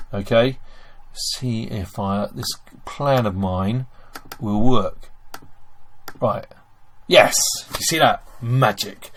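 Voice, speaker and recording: A man teaching German grammar in a screen-recorded lesson, explaining step by step and calling his viewers ladies and gentlemen. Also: lowish voice, a little hiss or hum.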